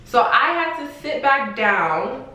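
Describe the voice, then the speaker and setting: A young woman tells a story in a casual vlog. She speaks in an animated, exasperated way, with slang and the odd curse word. Her voice sits a little high, and the sound bounces around a very echoey room. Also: takes it slowly. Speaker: vlogger. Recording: echoey room, far from the mic.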